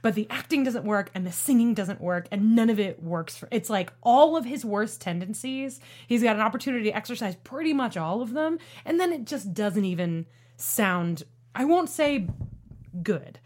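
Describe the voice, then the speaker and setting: A woman's voice: mid-range voice, lively intonation, normal speed, a little mellow. A woman film critic talking in a casual, emphatic and opinionated way on a podcast.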